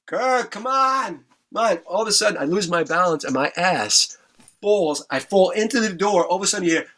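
Man, raised pitch, casual guest storyteller, profane and animated. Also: brisk. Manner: animated storyteller, stumbling restarts, acts out voices. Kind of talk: casual anecdote, heavy swearing.

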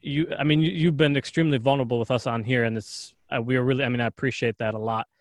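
A man co-hosts a podcast with a mid-pitched, measured voice. He works through long questions, restarting as he goes. The sound is dry and close. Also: steady tone, dry recording. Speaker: podcast co-host. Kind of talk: casual interview chat.

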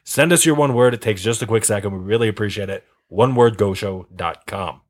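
A man's voice: fairly low pitch, brisk. A man hosting a podcast in casual chat, joking and rambling, often breaking into laughter. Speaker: podcast host.

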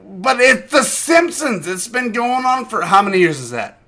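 A tipsy man co-hosting a casual podcast, ranting loudly and swearing a lot. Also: sits high, very animated, normal speed. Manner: profane, loud, ranting. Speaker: podcast co-host. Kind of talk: casual drunken rant.

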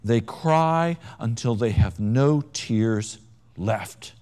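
A man preaching a sermon, with a wry, self-mocking humor and dramatic swings between hushed and loud delivery. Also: mid-range voice, animated, extremely slow. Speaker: pastor.

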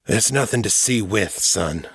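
A male narrator voicing a weary captive man who drawls in a deep bass voice. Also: lively intonation, unhurried, fairly bright tone, dry recording, studio quality, full character voice. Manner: drawling, gruff.

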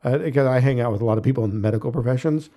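A man's voice: medium pitch, rapid-fire, warm tone. A middle-aged man co-hosting a casual movie review podcast, rambling and circling back with frequent restarts. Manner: rambling, restarts often, hedging. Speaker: podcast co-host.

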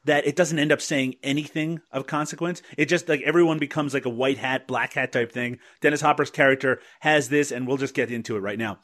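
A man's voice: medium pitch, steady tone, fairly quick, hardly any pauses, a bit bright. A man hosting a film podcast, laying out his arguments with some hesitation. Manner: analytical, building points with hesitations. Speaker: podcast host. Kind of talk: casual film-review chat.

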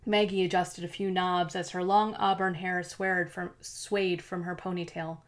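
A woman narrates a novel in a steady, measured way, her voice sitting on the lower side. The reading is scripted audiobook narration, even and unhurried.

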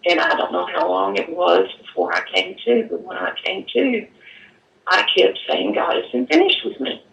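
A woman giving an earnest personal testimony, halting and at times choked up, in an echoey room away from the mic. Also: fairly low pitch, wildly swooping pitch, vocal fry, a bit bright, far from the mic. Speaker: guest telling her story.

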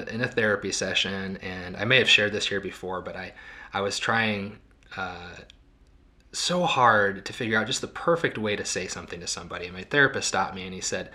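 A middle-aged man hosting a podcast as a marital therapist, talking in a casual, reflective way with many ums, restarts and small laughs. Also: lowish voice. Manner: halting, with frequent ums and restarts, warm self-deprecating laughs.

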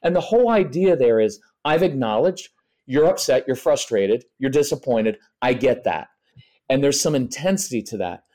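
A man's voice: mid-range voice, animated, normal speed, warm tone. A middle-aged man, a parenting expert guest on a podcast, explaining in a practical way and acting out examples in voices. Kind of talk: podcast interview.

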